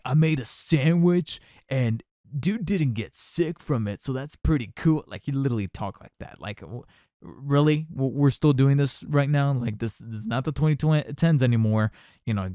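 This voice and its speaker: A man's voice: medium pitch, a little mellow, smooth, dry recording, studio quality. A man hosting a solo podcast, talking casually and candidly, rambling with restarts and asides. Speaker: podcast host. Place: home recording setup.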